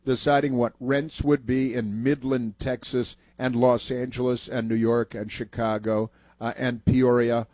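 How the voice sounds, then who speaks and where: A man's voice: medium pitch, darkish tone, dry recording. A man hosting a political talk radio show, mocking and rambling with lots of fillers.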